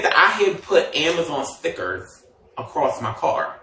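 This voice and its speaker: A man's voice: fairly high pitch, very animated, measured pace, bright, forceful tone, echoey room, distant mic, slight background noise. A man chatting casually on a livestream, sassy and gossipy, with many fillers and asides.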